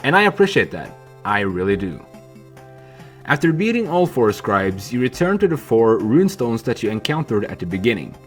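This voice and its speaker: A young man narrating a video essay in a candid, animated way that includes swearing. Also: medium pitch, normal speed, soft background music.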